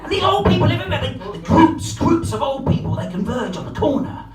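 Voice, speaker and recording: A man in his forties from England rambles through a stand-up set, swearing freely and mocking himself. His voice sits high, and it comes across distant and roomy, as if taped from the back of the club. Music plays underneath. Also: sing-song, a little fast. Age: 40s. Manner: profane, rambling, self-mocking storytelling. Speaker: stand-up comedian. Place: comedy club stage before a live audience. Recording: roomy live hall from far off, music behind.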